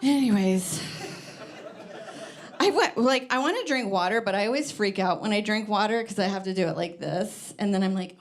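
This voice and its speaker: A woman's voice: mid-range voice, brisk. A woman doing a stand-up comedy set, chatty and full of fillers, chuckling at her own jokes and a little out of breath. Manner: conversational, many "like" fillers, laughs at own jokes. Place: comedy club stage with live audience. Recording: live crowd audible. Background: audience laughter.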